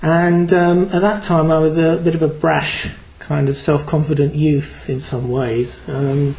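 Man, British, Buddhist teacher, dharma talk, reflective, hesitant, fillers, slightly high voice. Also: a little mellow, poor audio.

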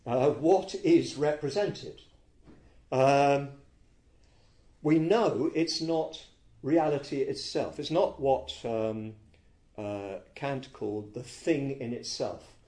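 A man giving a reflective dharma talk as a Buddhist teacher, halting and searching for words, often correcting himself. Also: mid-range voice, dark tone.

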